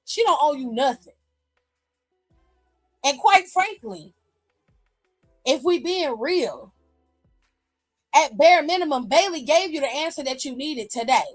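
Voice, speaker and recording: Woman hosting a wrestling aftershow, high voice, blunt and cussing a lot, dry close mic with faint music. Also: dry recording, rough recording. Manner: blunt, profane, animated ranting. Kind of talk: casual commentary. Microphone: streaming microphone.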